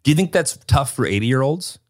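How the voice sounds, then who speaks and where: A man in his late twenties hosts a casual podcast chat, telling animated stories, acting out quotes and swearing casually. His voice is medium-pitched and brisk.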